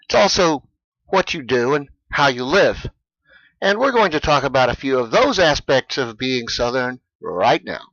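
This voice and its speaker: A man teaching English in a scripted lesson, speaking clearly and with emphasis for learners. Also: mid-range voice, big pitch swings, moderate pace, a bit bright, no echo, highs cut off.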